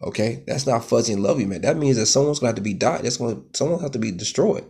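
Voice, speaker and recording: A man's voice: lively intonation, fast talker, slightly rough. A man preaching from scripture, tagging lines with "man" and "okay", stumbling through restarts and growing heated. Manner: grows loud and heated, pitch rising sharply. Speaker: street preacher. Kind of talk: scripture teaching sermon.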